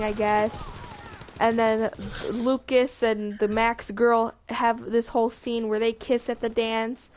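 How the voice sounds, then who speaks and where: A young woman in casual chat, recapping a TV show in a rambling way with lots of "like" and restarts. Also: a little high. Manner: rambling, full of "like" and restarts, breaks into acted quotes. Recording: dull lo-fi recording with faint noise.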